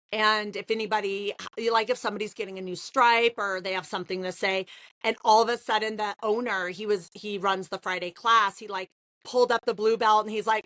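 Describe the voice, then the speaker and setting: A woman in her thirties, a podcast co-host, telling a story in casual, animated chat with laughs and lots of "like". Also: mid-range voice, dry recording.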